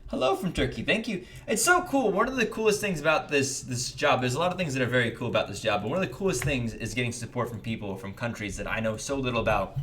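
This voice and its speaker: A man's voice: lively intonation, quick pace, few pauses, a bit bright. A young man from the United States with a standard American accent, chatting casually on a livestream and reading out donations. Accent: General American. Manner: upbeat, jumps in pitch when greeting chatters. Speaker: livestream host.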